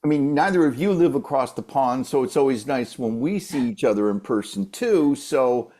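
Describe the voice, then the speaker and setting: A man talking as a guest voice-over coach, giving casual advice in an animated way that acts out quoted voices. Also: mid-range voice, normal speed.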